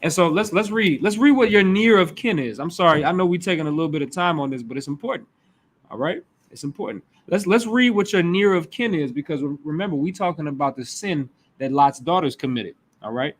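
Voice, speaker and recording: A man's voice: on the high side, lively intonation, brisk. A man leading a Bible class, preaching in a blunt, emphatic way with crude language.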